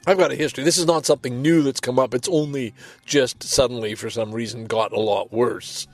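Gravelly-voiced man in his seventies. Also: mid-range voice, steady tone, fairly quick, no room sound, soft background music. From Canada. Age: 70s. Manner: rambling, self-deprecating, reads aloud and comments with chuckles. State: walks with a walker. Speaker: podcast host. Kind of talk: casual solo monologue.

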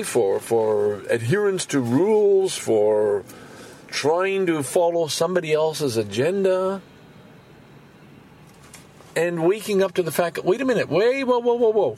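Lively sixty-five-year-old man podcasting. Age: 60s. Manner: animated, swinging from low musing to loud outbursts; swears casually, repeats words when pushing a point. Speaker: podcast host. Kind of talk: casual monologue.

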